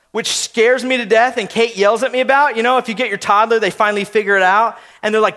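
A man's voice: high voice, a little fast, pushed and bright. A man in his thirties preaching a sermon, telling family stories in a casual, conversational way and speaking straight to his listeners. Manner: storytelling, conversational, speaks to the audience. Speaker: pastor.

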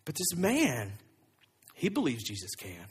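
A man preaching a sermon, moving between loud, animated emphasis and quiet, hushed passages. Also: medium pitch, unhurried, breathy edge. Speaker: pastor.

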